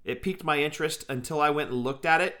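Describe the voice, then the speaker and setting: Bright-voiced man, enthusiastic casual co-host. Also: on the high side, fast. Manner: enthusiastic, says "dude" often. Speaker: podcast co-host. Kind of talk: casual chat.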